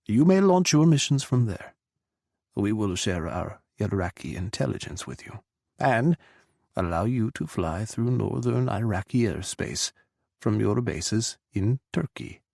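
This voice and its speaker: A man's voice: on the low side, expressive, a little slow, vocal fry, darkish tone, no room sound, studio quality, full character voice. A man voicing a scheming, restless Russian president with a thick Russian accent and a smirking, cutting manner. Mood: sly.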